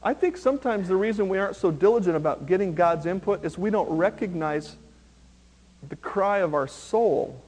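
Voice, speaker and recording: High-voiced man preaching with humor. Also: normal speed. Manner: animated, humorous preaching with acted-out quotes. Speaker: pastor. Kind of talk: sermon.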